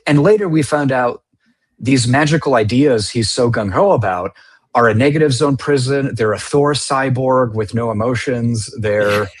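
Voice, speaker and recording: A man co-hosting a casual comic book discussion, steering the talk in a measured way. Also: mid-range voice, no echo. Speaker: podcast co-host.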